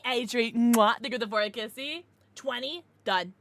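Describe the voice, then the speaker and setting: A woman streamer chatting casually with her viewers, excitable and swearing freely. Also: on the high side, a little fast, a little hiss or hum. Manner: laughs and gasps often. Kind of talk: casual livestream chat with viewers.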